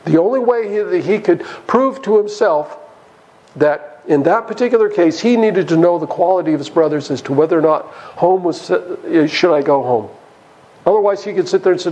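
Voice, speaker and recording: A man's voice: fairly high pitch, lively intonation, normal speed, darkish tone, slight background noise, poor audio. A man preaching a Bible study sermon in a church, emphatic and chuckling as he goes.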